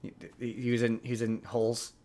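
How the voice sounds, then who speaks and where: A man's voice: medium pitch, completely flat delivery, a little fast, darkish tone. A man co-hosting a podcast, talking casually in a rambling way with many restarts. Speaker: podcast co-host. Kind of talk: casual chat.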